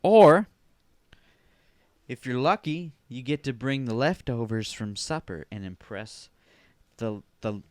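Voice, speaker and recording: A man hosting a podcast, telling a comic story in an animated, profane way with sudden shouted bursts. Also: medium pitch, a little slow, no echo. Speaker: podcast host. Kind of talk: comedic storytelling monologue.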